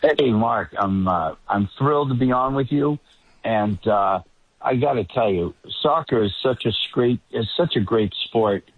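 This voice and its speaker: A man's voice: mid-range voice, unhurried, breathy edge, dry recording. A man with a faint Boston accent, calling in as a regular guest on a talk radio show and making easygoing, dry remarks. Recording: tinny phone line.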